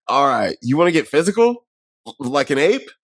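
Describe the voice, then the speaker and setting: A man's voice: a little high, sing-song, normal speed, fairly bright tone, no echo, clean studio sound. Laughing man quoting movie lines. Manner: reads movie quotes aloud, laughs often, swears freely. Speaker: podcast co-host. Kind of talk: casual film review chat.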